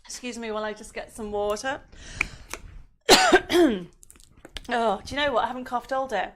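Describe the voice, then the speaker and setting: A woman's voice: fairly high pitch, steady tone, fast, a little hiss or hum. Chatty woman hosting a craft stream. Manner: chatty, reads out viewer names and greetings. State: coughing, voice going. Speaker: craft show host. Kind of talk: live-stream chat reading viewer comments. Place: home craft studio.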